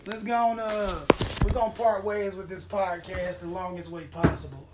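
A man hosting a podcast, telling a story in a casual, profane, animated way and acting out the quotes. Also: sits high, moderate pace, very noisy. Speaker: podcast host.

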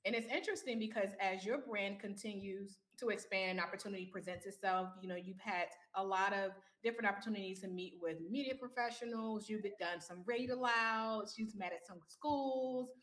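A woman's voice: medium pitch, brisk, hardly any pauses, a bit bright. A woman hosting an interview, asking questions and affirming her guest often. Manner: encouraging, frequent affirming backchannels. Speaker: interviewer, host. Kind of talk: casual interview.

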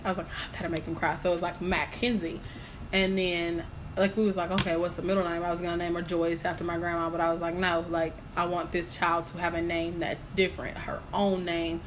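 Over a noisy background, a young female guest with a lowish voice tells her story in casual chat, animated and acting out what people said.

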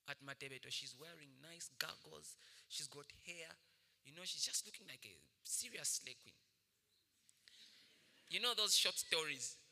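A man, a senior pastor, preaching a sermon with animated storytelling and frequent laughter. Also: a little high. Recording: echoey hall reverb.

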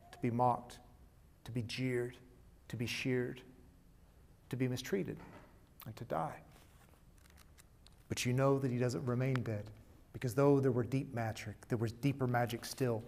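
Male preacher reading a story dramatically, middle pitch, goes quiet then booms out. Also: fairly even intonation, normal speed, pauses often. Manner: swings from hushed to loud and emphatic.

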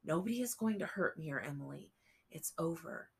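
A woman narrator voicing a mother, soft and imploring. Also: sits low, lively intonation, fairly quick, gravelly. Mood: tender. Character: dying mother, tender and pleading.

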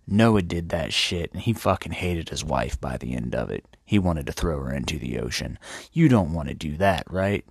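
A man's voice: rumbling low, animated, moderate pace, creaky, husky, no room sound, studio quality. A man hosting an irreverent, profanity-heavy comedic retelling of a classic tale. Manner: profane, irreverent, laid-back. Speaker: host.

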